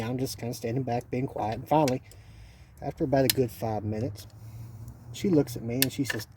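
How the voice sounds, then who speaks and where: Middle-aged man, dark mellow voice, folksy rambling storyteller, faint garage noise, camera mic. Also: medium pitch. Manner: rambling, folksy, repeats phrases. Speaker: channel host working on an old three-wheeler. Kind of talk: casual storytelling while wrenching.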